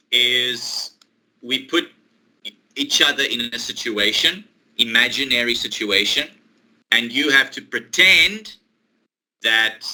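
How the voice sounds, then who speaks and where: Male English teacher, crisp bright tone, unhurried and patient, guides a student step by step. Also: mid-range voice, poor audio. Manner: patient, slow, step-by-step explanations with pauses. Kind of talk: online one-to-one English lesson.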